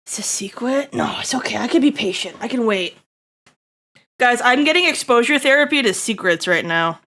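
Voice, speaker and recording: A woman streaming live, chatting to her viewers in an excitable, giggly way. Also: on the high side, moderate pace. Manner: excitable, giggly, talks straight to chat.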